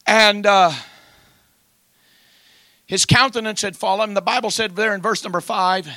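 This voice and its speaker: A man's voice: sits high, normal speed, long pauses, sharp tone, no room sound. A man preaching a sermon in an emphatic, rhythmic delivery that builds into a chanted cadence.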